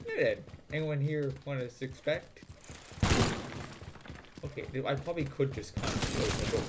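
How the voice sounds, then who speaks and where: A man giving panicked gameplay commentary, yelling and swearing one moment and muttering to himself the next. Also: medium pitch, normal speed, pauses often. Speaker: gaming video creator. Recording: loud background noise with clicks.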